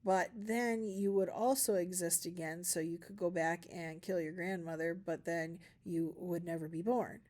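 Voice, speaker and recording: A woman reading a novel aloud for a school class, narrating calmly with small shifts of voice for the characters. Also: fairly low pitch, normal speed, few pauses. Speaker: reader.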